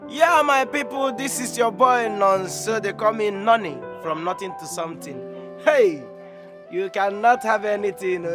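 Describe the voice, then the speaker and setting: An actor playing a brash young bricklayer who makes skits, speaking with a Nigerian accent, hyped with his fans and apologetic to his boss. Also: high voice. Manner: hyped, loud addressing fans, pleading with boss. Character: brash young male bricklayer and content creator.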